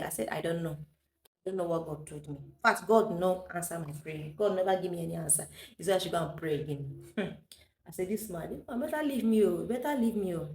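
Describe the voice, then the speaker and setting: A woman's voice: on the low side, a little mellow, echoey room. A woman with a Nigerian accent, a vlogger chatting through a personal story, slipping into Pidgin English and laughing often.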